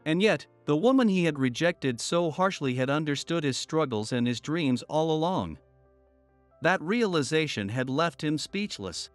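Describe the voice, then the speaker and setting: A man reading a first-person story in an even, measured storytelling voice. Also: on the high side, clear, resonant tone, no echo, soft background music. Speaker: narrator.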